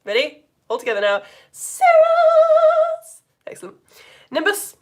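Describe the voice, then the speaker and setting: A woman's voice: fairly high pitch, expressive, a little fast, fairly bright tone. A woman from the United Kingdom teaching a live online science lesson to children, playful and coaxing as she asks questions and calls out words.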